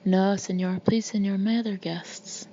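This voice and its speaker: A woman's voice: mid-range voice, fairly even intonation, unhurried, warm tone, highs cut off, slight background noise, lightly acted. A woman reading the part of a small, elegant maître d' who pleads politely and uneasily. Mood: pleading.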